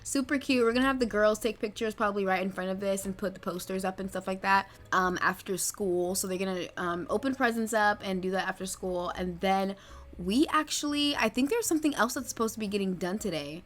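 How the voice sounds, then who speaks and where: A woman's voice: mid-range voice, a little fast. A woman hosting a life-sim let's play, narrating the family drama in a chatty, gossipy way. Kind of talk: casual gameplay commentary.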